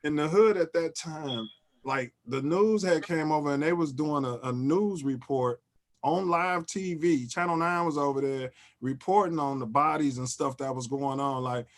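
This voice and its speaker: A man, hosting and telling a story in casual chat, animated and repeating and restarting his phrases. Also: fairly high pitch, normal speed. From Chicago. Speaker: host.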